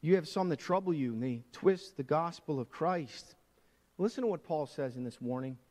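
A man preaching a sermon, swinging from hushed asides to loud, emphatic proclamation. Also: on the high side, expressive, normal speed, long reverb tail. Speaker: pastor.

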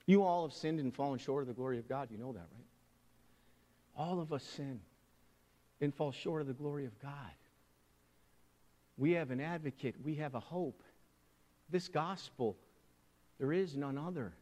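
A man preaching a sermon, swinging from hushed asides to loud, emphatic proclamation. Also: on the high side, normal speed, long pauses, long reverb tail. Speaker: pastor.

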